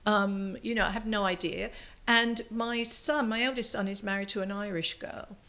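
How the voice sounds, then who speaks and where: A woman's voice: mid-range voice, fairly even intonation, moderate pace, fairly bright tone. An older English woman, a guest artist, telling chatty self-deprecating stories in a casual interview. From England. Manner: chatty storyteller, self-deprecating, laughing asides.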